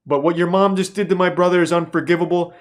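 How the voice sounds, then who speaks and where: A man voicing a menacing male phone scammer who makes loud, pushy threats. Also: high voice, fairly even intonation, fast, pitched above the performer's own voice, natural voice. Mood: threatening.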